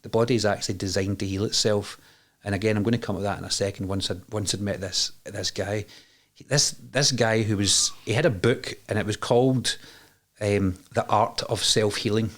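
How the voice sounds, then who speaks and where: This man's voice is fairly low in pitch. He's a Scottish podcast guest in his forties, telling his story frankly with plenty of laughter, frequent restarts, and some swearing.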